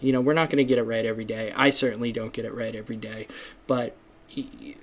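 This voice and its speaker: A man hosting a solo podcast in a rambling, self-deprecating casual chat, with many fillers and restarts. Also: medium pitch. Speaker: podcast host.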